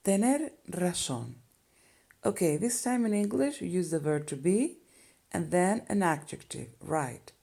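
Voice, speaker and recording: A woman's voice: lowish voice, expressive, measured pace, creaky, mellow. A woman with a Spanish accent teaching basic Spanish phrases in English, patiently explaining each phrase step by step. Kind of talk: language lesson explanation.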